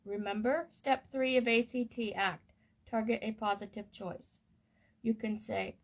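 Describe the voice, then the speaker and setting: Slow, gentle woman reading aloud. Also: a little high, fairly even intonation. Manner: gentle, measured and soothing. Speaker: reader of a parenting course text.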